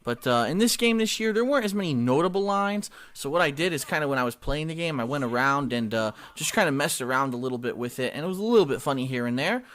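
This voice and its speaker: Excitable joking man with a lively, bright voice. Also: fairly high pitch, fast, hardly any pauses. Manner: jokey, profane, slips into a mock Italian accent. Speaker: video creator. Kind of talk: comedic gameplay commentary.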